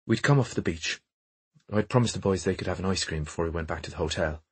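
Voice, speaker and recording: A man's voice: low-pitched, fast, slightly rough, no echo. A man voicing a serious Irish nanny in her thirties, telling her story earnestly. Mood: recounting.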